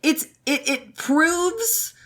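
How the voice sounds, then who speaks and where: A woman's voice: sits high, drawn-out words. A woman co-hosting a podcast, recapping a novel in a casual, profane, laughing way. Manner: animated, profane, laughing retelling. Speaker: podcast co-host.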